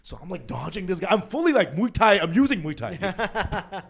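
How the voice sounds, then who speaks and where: Animated young man telling a comic story. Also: sits high, moderate pace, vocal fry, slightly rough. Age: young adult. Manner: animated, acts out quoted family members, laughs often. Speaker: podcast co-host. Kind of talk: comedic storytelling.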